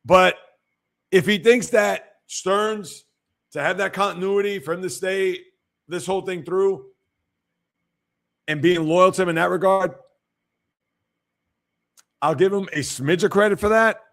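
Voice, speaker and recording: A man's voice: sits high, measured pace, pauses often, fairly bright tone. A male sports show host giving casual livestream commentary, reacting to viewer comments and getting blunt and emphatic when he criticizes.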